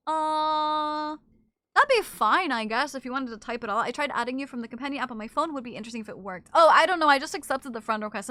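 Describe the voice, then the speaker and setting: A woman streamer chatting casually with her live chat while she plays, often cooing softly to her cat. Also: sits high, dry recording.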